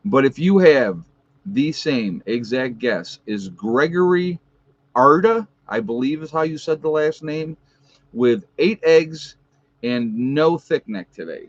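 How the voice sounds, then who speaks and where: A man's voice: no room sound, highs cut off. An American man chatting casually in a rambling livestream, full of fillers and restarts. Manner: high baby talk to his dogs. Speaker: vlogger.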